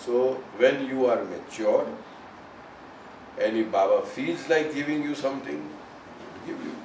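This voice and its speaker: A man's voice: mid-range voice, a little slow, a little mellow, a little hiss or hum. Man telling a parable from across a room. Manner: conversational, peppered with "you know". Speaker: storyteller at a spiritual gathering. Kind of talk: informal spoken parable. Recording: roomy, mic at a distance, faint ambience.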